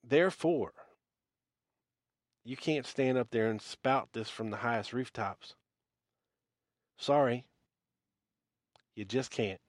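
A man's voice: mid-range voice, slow pace, pauses often, dry recording, studio quality. A man hosting a podcast, delivering a blunt, scornful rant full of profanity. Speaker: podcast host. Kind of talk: ranting monologue.

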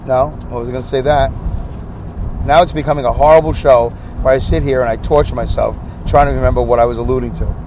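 Tired guy in his 50s rambling on his solo podcast, keeps losing his point, mid pitch, faint hum behind. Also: steady tone, quick pace, a little mellow. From upstate New York. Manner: rambling, circles back and loses his train of thought. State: sleep-deprived. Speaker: podcast host.

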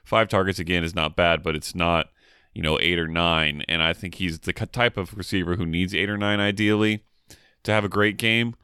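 A man co-hosting a podcast, giving quick, animated opinions in casual sports chat. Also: low-pitched, clear, resonant tone, no echo, clean studio sound. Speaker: podcast co-host.

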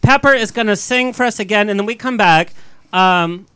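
A man's voice: high voice, moderate pace, pushed and bright, smooth, no echo. A man hosting a comedy variety show, chatting and steering a camp improv scene. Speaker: show host.

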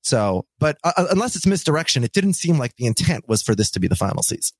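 Lively, halting man on a podcast. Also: medium pitch, husky, no echo. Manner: hesitant, many fillers and restarts. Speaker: podcast co-host. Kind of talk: casual chat.

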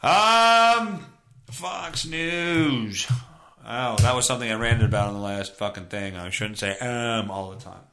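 A man's voice: mid-range voice, big pitch swings, takes it slowly, pauses often, pushed and bright. A man hosting a solo podcast, ranting in a sarcastic, profane way. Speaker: podcast host. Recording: roomy echo.

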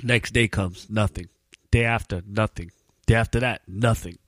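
Male podcast co-host, low-pitched, relaxed profane slang, dry mic. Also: normal speed, dry recording. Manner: profane, laid-back street slang. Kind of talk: casual chat.

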